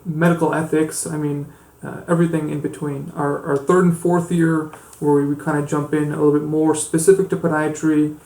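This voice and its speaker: A man's voice: a little high, vocal fry, a little mellow. A man co-hosting a podcast as a foot and ankle surgeon, talking casually with lots of fillers in a laid-back way. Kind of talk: casual conversational podcast chat. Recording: echoey room.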